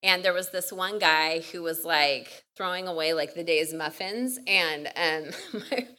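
Bright-voiced chatty woman preacher. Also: fairly low pitch, measured pace. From California. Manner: chatty, animated, lots of "like". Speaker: retreat speaker. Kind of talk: storytelling sermon.

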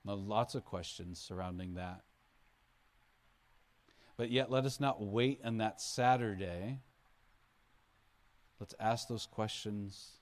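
Male pastor, low-ish voice, earnest sermon delivery with swings in loudness. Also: slow, pauses often. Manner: earnest preaching, voice rising and dropping for emphasis, acts out quotes.

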